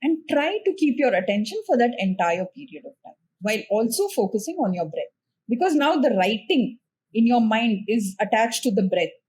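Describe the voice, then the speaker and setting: A woman with an Indian English accent, a spiritual teacher and podcast guest, explaining practice patiently and slowing down gently when giving instructions. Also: on the high side, very animated, husky. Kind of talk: calm explanatory conversation.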